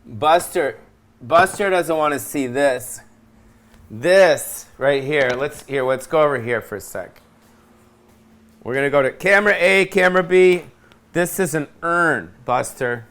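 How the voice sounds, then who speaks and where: Middle-aged male host, slightly higher pitch, scattered and profane rant at home. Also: unhurried, a bit bright. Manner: scattered, profane, loses his train of thought. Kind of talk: rambling solo rant to camera. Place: his apartment.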